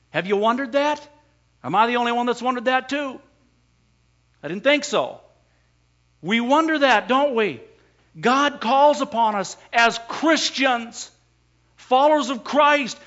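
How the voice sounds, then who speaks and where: A man preaches with a high, bright voice and keeps asking the congregation rhetorical questions. He leans hard on his points. The recording sounds dull and lo-fi. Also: animated, takes it slowly, pauses often. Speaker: pastor. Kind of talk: sermon.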